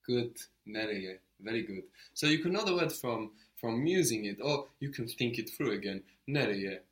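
A man's voice: mid-range voice, animated, normal speed, fairly bright tone. A man teaching a language lesson, explaining step by step and prompting his student to answer.

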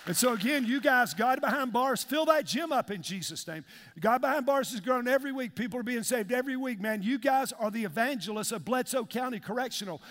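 A man's voice: high-pitched, a bit bright. A man preaching a fervent, conversational sermon and repeating phrases as a pastor. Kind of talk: sermon with altar call. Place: large church auditorium. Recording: long reverb of a big hall.

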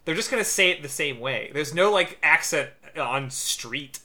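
Podcast co-host, male, higher than most men, very bright tone, animated rant delivery in casual chat. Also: moderate pace. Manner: animated, ranting, laughs between words.

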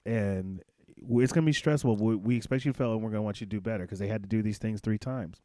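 A man's voice: on the low side, quick pace, mellow, dry recording. Blunt, profane former drill instructor man. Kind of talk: storytelling in a casual interview.

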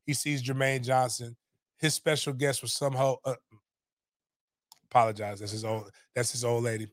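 A middle-aged man, telling a story in animated, profane casual talk on a podcast. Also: mid-range voice, moderate pace, no echo, clean studio sound.

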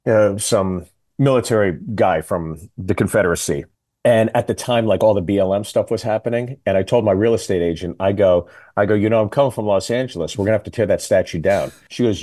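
A middle-aged man spinning comic stories on a talk radio show. His voice sits at an ordinary pitch but has a mellow, dark tone, and he jumps into quoted voices with animated energy. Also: fairly quick. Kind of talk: casual storytelling chat.

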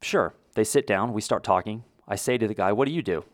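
A man's voice: fairly low pitch, brisk, no echo, clean studio sound. A middle-aged American man hosting a podcast, talking casually and rambling a little, with restarts. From United States. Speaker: podcast host. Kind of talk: casual monologue.

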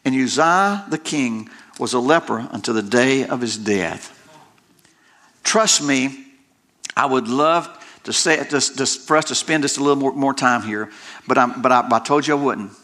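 A man's voice: mid-range voice, normal speed, sharp tone. A middle-aged male pastor preaching a sermon, emphatic and folksy, repeating phrases and breaking into conversational asides.

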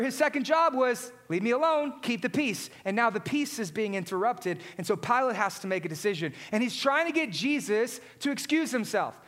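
Man preaching, really high voice, hammers the same line over and over, goes quiet on the big points. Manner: emphatic, repeating refrains, dropping low for key lines. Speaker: pastor. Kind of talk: sermon.

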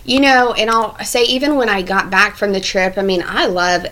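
Picture an American woman in easy, casual conversation. She tells long stories and keeps slipping in laughs between her thoughts, with a voice of ordinary pitch for a woman, loaded with ums and restarts. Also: steady tone, normal speed, sharp tone, low-quality recording. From United States. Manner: chatty storyteller, laughs often, many fillers. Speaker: guest.

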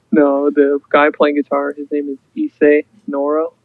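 A man's voice: fairly high pitch, completely flat delivery, slow pace, dry recording, narrow, tinny audio. A young man, a guest musician in casual podcast chat, talking hesitantly with many fillers.

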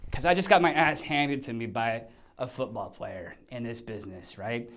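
A male actor telling an animated story in a casual chat, acting out quotes and sound effects. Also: mid-range voice, normal speed. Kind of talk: casual anecdote.

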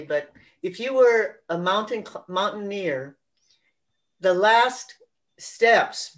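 A co-host in a live question-and-answer talk, reflecting at length through an extended metaphor. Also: mid-range voice.

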